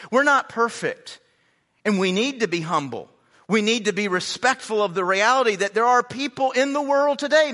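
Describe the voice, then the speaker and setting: A pastor preaching with a high, bright, forceful voice that rings out through a church hall's long reverb. He leans hard on his points and slows down to stress them, often stumbling and repeating words as he goes. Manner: frequent word repeats and restarts. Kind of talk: sermon. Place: church sanctuary.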